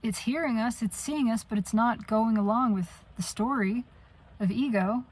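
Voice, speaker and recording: A woman's voice: fairly high pitch, normal speed, a little mellow, breathy edge, poor audio. A woman venting in a personal monologue, blunt and profane, often trailing off and restarting. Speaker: vlogger.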